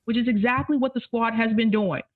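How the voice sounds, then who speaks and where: A woman comments on politics with scorn and indignation, her voice a little high. The audio is thin and tinny, and it sounds dry. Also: steady tone, brisk, dry recording. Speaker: political commentator in a played clip. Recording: tinny phone-like clip audio.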